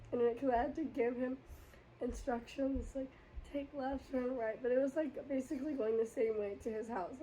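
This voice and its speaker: A woman's voice: high voice, slight background noise, low-quality recording. A young woman hosting a casual chat, telling a story with lots of laughter and acted-out quotes. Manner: animated, laughs often, acts out voices in her story. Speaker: podcast host.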